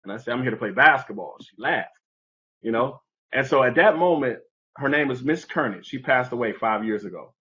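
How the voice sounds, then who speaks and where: A man telling a personal story as an interview guest, animated and conversational, acting out the people in it. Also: mid-range voice, normal speed, dull audio.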